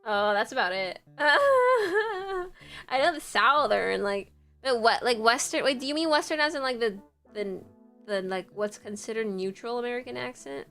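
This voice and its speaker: A woman's voice: on the high side, normal speed, sharp tone, soft background music. A woman streamer chatting casually, full of fillers, reacting to a video. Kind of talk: casual live-stream chat.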